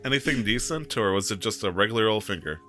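A man's voice: on the low side, lively intonation, quick pace, fairly bright tone, soft background music. A man playing a tabletop game, joking around playfully and laughing often. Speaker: player. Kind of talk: casual tabletop role-play.

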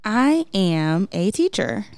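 A woman's voice: medium pitch, big pitch swings, takes it slowly, creaky, a little mellow, no echo, studio quality. A young woman, a teacher, guesting on a family podcast, sassy and sarcastic yet earnest. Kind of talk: casual family podcast chat.

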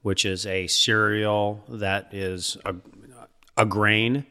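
A man's voice: fairly low pitch, level tone, slow pace, pushed and bright, clean tone. A man in his thirties from Iowa, a seed company co-founder chatting easily as a podcast guest. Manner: easygoing, rambling with fillers. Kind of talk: casual podcast interview.

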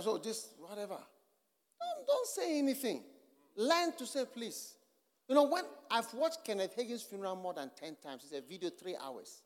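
A man preaches in a high, lively voice that leaps up and down as he acts out the people in his stories. He drops to near-hushed asides and then rises to shouts. His voice rings with the long reverb of a large hall. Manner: storytelling, acts out the people he quotes. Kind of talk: sermon. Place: church conference hall.

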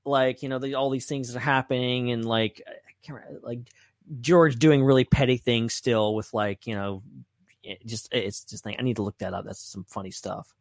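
A man co-hosting a podcast in casual chat, talking in an excitable, rambling way. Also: mid-range voice, moderate pace, no room sound, clean studio sound. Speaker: podcast co-host.

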